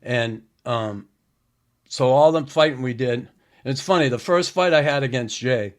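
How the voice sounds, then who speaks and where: A man's voice: mid-range voice, normal speed. A middle-aged man hosting a casual podcast, telling rambling stories in a blunt, profane way. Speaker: podcast host, former hockey player.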